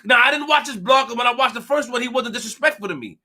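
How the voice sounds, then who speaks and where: A fast-talking man with a very high, pushed, bright voice hosts a live stream. He gives animated, emphatic commentary, repeating himself and speaking directly to his chat.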